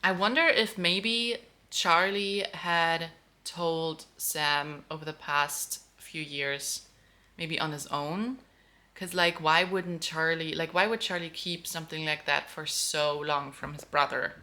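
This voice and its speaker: A woman reacting to a romance novel in a casual book vlog, animated and outspoken, swearing freely. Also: sits low, takes it slowly. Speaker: book vlogger.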